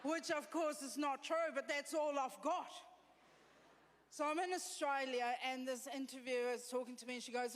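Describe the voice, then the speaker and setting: A woman's voice: high-pitched, fairly even intonation, normal speed. A woman from South Africa with a South African accent, doing a blunt, self-deprecating stand-up set on a comedy stage. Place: comedy stage before an audience. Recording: live venue with long reverb and faint room noise.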